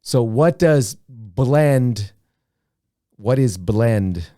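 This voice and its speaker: A man teaching a beginner English lesson, speaking slowly and deliberately, repeating words and often saying "okay". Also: medium pitch, expressive, warm tone, no echo, studio quality. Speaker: ESL teacher.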